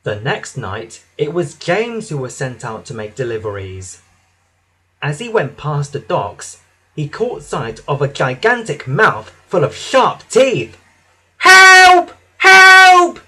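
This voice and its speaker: A man narrating a children's storybook with an expressive, dramatic reading. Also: mid-range voice, unhurried, husky, soft background music.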